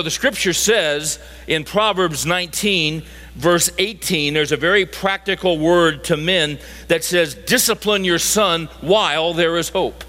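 High-voiced preacher in an echoing hall. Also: male voice, pushed and bright. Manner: emphatic, with rhetorical questions to the audience. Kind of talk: sermon. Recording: long hall reverb.

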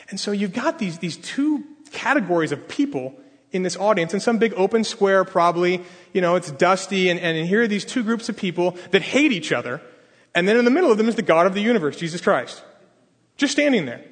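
Preaching in a big hall, this pastor speaks quickly and expressively in a high, husky voice. His sermon feels like a casual conversation, with questions tossed to the crowd, and a long reverb trails every word.

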